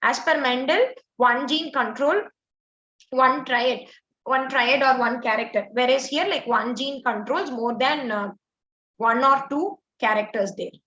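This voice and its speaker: A woman's voice: sits high, a little slow, sharp tone. A woman teacher walking through exam answers, explaining step by step with frequent "like" and "uh" fillers. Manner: explanatory, filler-heavy, says "like" and "uh" often. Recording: echoey dull lo-fi audio.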